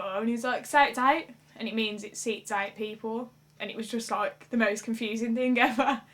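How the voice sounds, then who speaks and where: A young woman with a Black Country accent chatting casually and animatedly in an interview. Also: a little high. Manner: chatty, animated, laughs while talking. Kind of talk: casual chat.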